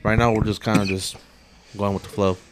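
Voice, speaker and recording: A man's voice: lowish voice, little pitch movement, fairly quick, noisy background. A young man guesting on a casual podcast, talking in a loose, slightly slurred way. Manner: slurred, mumbled delivery.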